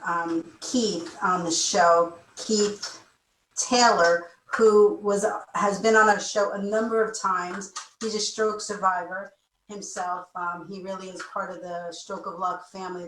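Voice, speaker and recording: A woman's voice: lowish voice, fairly bright tone, slight background noise. A woman hosting a talk show, introducing guests in a loose, rambling way and circling back to rephrase. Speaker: show host. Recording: echoey room, voice distant from mic.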